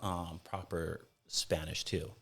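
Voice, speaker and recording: A man with a very low, deep voice tells stories in a loose, rambling way, often restarting his sentences. He is a falconer from Fresno, California, chatting on a casual podcast. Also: level tone, takes it slowly, creaky, sharp tone. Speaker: guest falconer.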